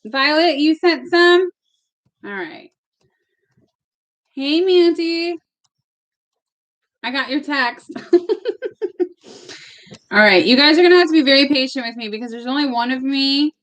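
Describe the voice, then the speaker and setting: Bubbly high-voiced woman live-streaming. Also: measured pace, pauses often, a bit bright. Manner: bubbly, greets chat viewers by name, laughs often. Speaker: tarot reader hosting a live stream. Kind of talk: casual live-stream chat. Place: her plain bedroom.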